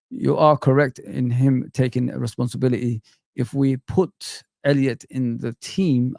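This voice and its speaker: A man's voice: medium pitch, gravelly, a little mellow, dry recording, studio quality. A man hosting a casual live-chat stream, talking animatedly and greeting viewers by name. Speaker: livestream host.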